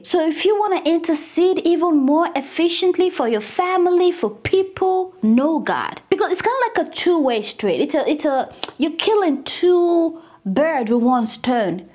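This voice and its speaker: A woman's voice: on the high side, a little mellow. A woman giving a casual, conversational Bible teaching, often calling her listeners "guys" and acting out scripture with dramatized quotes.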